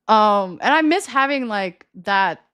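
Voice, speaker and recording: A woman's voice: mid-range voice, fairly bright tone, smooth. A young woman streamer telling a story in casual chat, rambling and laughing often. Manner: rambling, chatty, with frequent laughter and "like" fillers.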